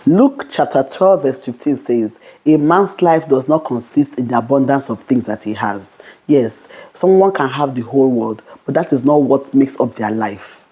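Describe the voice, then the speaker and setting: A young adult woman vlogger giving a fast, bold motivational Christian talk to camera, often repeating "okay". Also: a bass voice, animated, dark tone, breathy edge.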